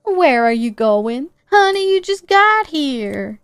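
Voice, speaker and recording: A clingy, protective older mother voiced by a woman reading game dialogue aloud. She fusses and pleads in a raised, fairly high voice with a gravelly edge, drawn out and unhurried. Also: very animated, fairly bright tone, no echo, clean studio sound, heavily acted. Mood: worried.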